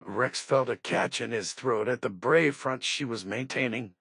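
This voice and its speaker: A man reading a science-fiction novel aloud as an audiobook narrator, in a steady, even delivery. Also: mid-range voice, measured pace, gravelly, slightly rough, no room sound, clean studio sound. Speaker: audiobook reader. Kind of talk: scripted narration.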